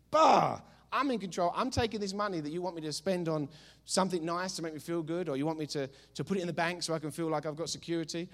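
A male pastor delivering a sermon in a humorous, storytelling way. His voice sits somewhat high and the words come quickly. He lands his points with emphatic bursts.

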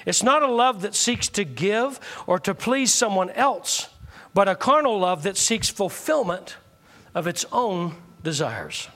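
A man's voice: high voice, sing-song, unhurried, a bit bright. A male pastor preaching a sermon, joking with and teasing the congregation through call-and-response.

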